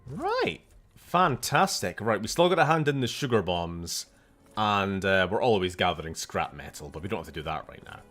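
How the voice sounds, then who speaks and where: A man's voice: deep voice, lively intonation, brisk, a bit bright. A young Scottish man chatting casually and jokily while streaming a game, swearing now and then.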